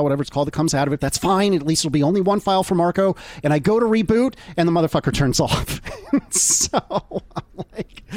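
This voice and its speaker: A man's voice: fairly high pitch, a little mellow, no room sound. A man co-hosting a casual podcast, flustered and apologetic, swearing often as he talks. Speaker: podcast co-host.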